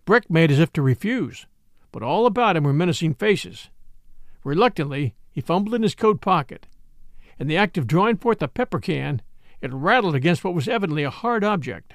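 A man narrating an audiobook in an expressive storytelling way. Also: fairly high pitch, brisk, dry recording, clean studio sound.

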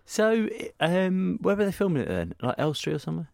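Man hosting a podcast, lively swooping intonation, quick to laugh, dry close sound. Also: sits high, creaky, dry recording. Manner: laughs easily and teases playfully. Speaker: podcast host. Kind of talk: casual podcast chat.

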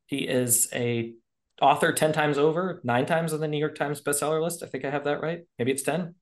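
A man's voice: a little high, fairly even intonation, fairly quick. A man hosting a podcast, asking loose, jokey questions in casual interview chat. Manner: jokey, loose, with fillers and laughs. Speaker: podcast host.

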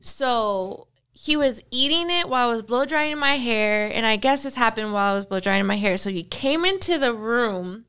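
A woman in her thirties co-hosting a casual podcast chat, telling stories in an animated way and acting out the quotes. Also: fairly high pitch, normal speed, few pauses, smooth. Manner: animated storyteller, acts out quotes. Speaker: podcast co-host.

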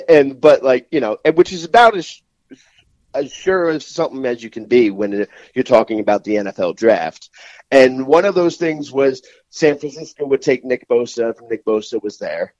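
A man, a reporter joining a podcast as a guest, talking in a lively, laughing way. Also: medium pitch, dry recording, highs cut off. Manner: lively, laughing, acts out quoted reactions. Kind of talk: casual podcast chat.

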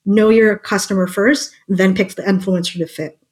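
A woman's voice: mid-range voice, fairly even intonation, moderate pace, a little mellow. A woman speaking as a guest marketing expert in a podcast conversation, explaining with confidence and asking rhetorical questions.

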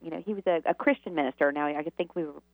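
A woman's voice: low-pitched, rapid-fire, dry recording. Woman guest, rambling storyteller, tinny phone-line sound, dry. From Southern United States. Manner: rambling, with many fillers and restarts. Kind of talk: storytelling interview answers.

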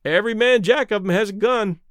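A man's voice: high-pitched, fairly quick, a bit bright, dry recording, studio quality, voice pushed up. A man voicing a cheerful, matter-of-fact sailor in a storybook reading.

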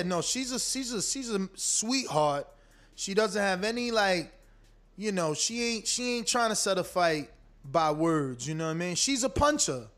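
A man's voice: high-pitched, a bit bright. A man hosting a boxing livestream, talking loosely and emphatically, swearing often and rambling. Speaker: boxing podcast host. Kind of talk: casual livestream chat.

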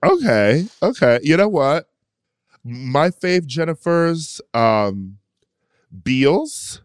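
A man co-hosts a pop culture podcast with a lively voice that swings up and down a lot. He sounds playful and gossipy. The recording is dry and close. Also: a little high, drawn-out words, clean tone, no echo. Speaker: podcast co-host. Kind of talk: casual pop culture chat.

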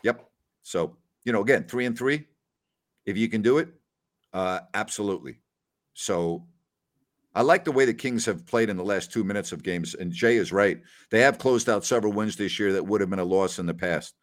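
A man hosting a casual post-game livestream, animated as he reads out viewer comments. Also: fairly low pitch, normal speed. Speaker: podcast host.

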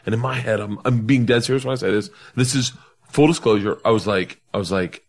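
A middle-aged comedian telling a rowdy, profane story in a casual podcast chat, laughing and acting out the other people's lines. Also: male voice, on the low side, a little fast. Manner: animated, swearing, laughing storyteller acting out quotes. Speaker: comedian guest.

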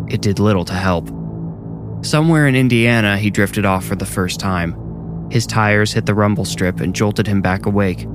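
Low-voiced man narrating horror. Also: background noise.

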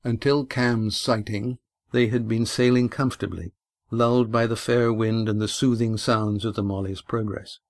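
A man narrating a sailing adventure audiobook in an even, steady reading. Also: lowish voice, moderate pace, no echo.

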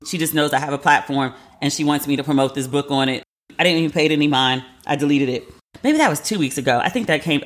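Woman host, thirties, casual storytelling, animated and profane, voices the people she quotes. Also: sits low. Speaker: podcast host.

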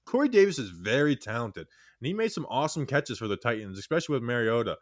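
A man's voice: mid-range voice, very animated, quick pace, no echo, clean studio sound. A young man co-hosting a sports podcast, talking loosely and teasing his partner, with lots of fillers. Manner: teasing, loose, full of fillers like "you know". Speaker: podcast co-host. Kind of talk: casual sports podcast chat.

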